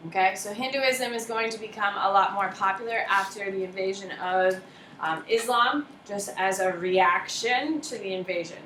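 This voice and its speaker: Bright-voiced woman teacher lecturing. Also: mid-range voice, normal speed, echoey room, slight background noise, rough recording. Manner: chatty, self-deprecating, asks the class questions. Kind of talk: classroom lecture. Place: classroom.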